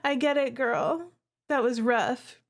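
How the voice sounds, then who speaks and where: A woman's voice: high-pitched, slow. A woman streamer reading a romance game's text aloud and reacting with dramatic, playful overreactions. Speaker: gaming streamer.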